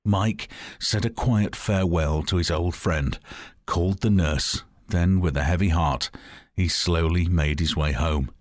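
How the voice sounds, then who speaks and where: Brief: very deep, husky man narrating a wry story, dry close recording. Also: unhurried, dry recording. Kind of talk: telling a joke as a story.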